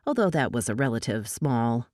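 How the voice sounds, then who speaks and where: A woman narrating a novel aloud in a steady, measured storytelling manner. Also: extremely low pitch, dry recording, studio quality. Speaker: audiobook narrator.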